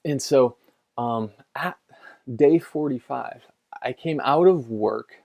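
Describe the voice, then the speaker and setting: A man's voice: mid-range voice, slow pace, gravelly, a little mellow. A middle-aged man, a pastor, telling a story in a casual conversational sermon, chatty with lots of fillers and restarts.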